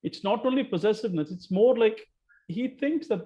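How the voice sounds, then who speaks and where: A man leading a casual book-club discussion, emphatic and animated, often restarting his sentences. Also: high-pitched, fairly quick. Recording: muffled online call audio.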